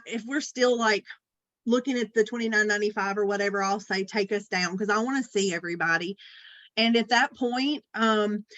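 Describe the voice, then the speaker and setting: A woman explaining her sales pitch on a video call, chatty and laughing at herself. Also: a bit bright, muffled recording. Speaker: team leader presenting. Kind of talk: casual presentation on a video call.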